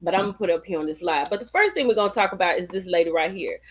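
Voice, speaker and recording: A woman hosting a casual livestream, chatty and animated, calling her viewers y'all and girl. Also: lowish voice, racing. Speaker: livestream host. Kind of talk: casual live-stream gossip chat.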